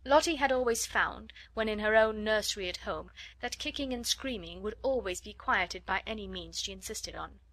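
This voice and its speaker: A woman reads a classic storybook aloud in a measured, expressive way. Her voice sits at an average pitch. The sound is close and dry. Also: dry recording. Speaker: narrator. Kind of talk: storybook narration.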